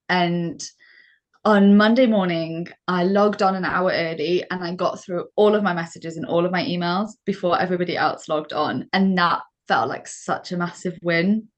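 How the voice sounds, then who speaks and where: A woman's voice: fairly low pitch, highs cut off. A young adult woman with a British accent, a podcast guest chatting in a modest, earnest way. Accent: British English. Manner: modest, self-deprecating, earnest. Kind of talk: casual interview chat.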